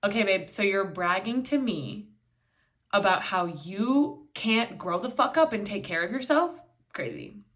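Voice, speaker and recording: A woman's voice: medium pitch, animated, measured pace, a bit bright. A young woman hosting a solo podcast, talking candidly and bluntly, swearing freely and acting out quoted voices, filming herself indoors. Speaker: podcast host.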